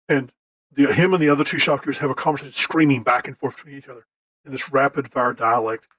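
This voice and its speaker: A man's voice: mid-range voice, fairly even intonation, fairly quick, a bit bright, no echo, rough recording. Man casually narrating a game scene. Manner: casual storytelling.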